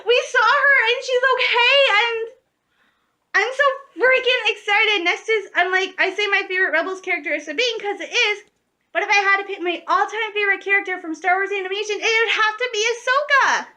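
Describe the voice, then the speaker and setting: A young woman vlogging in a casual, gushing way, talking fast and emotionally. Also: very high voice, sharp tone. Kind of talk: excited casual fan vlog.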